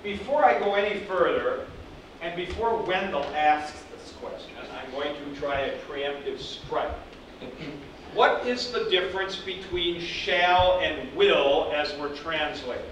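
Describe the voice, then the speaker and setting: A man's voice: fairly high pitch, a little slow, fairly bright tone. Man lecturing in an echoey classroom. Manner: conversational, digressive, repeats points with emphasis. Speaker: teacher. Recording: echoey classroom, speaker far from mic, background noise.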